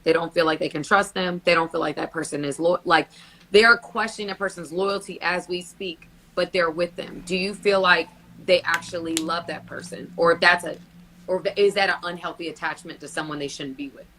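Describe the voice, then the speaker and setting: A woman who works as a therapist, chatting and asking questions on a podcast, lively and quick to laugh. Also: on the low side, a little hiss or hum, rough recording. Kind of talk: casual podcast chat.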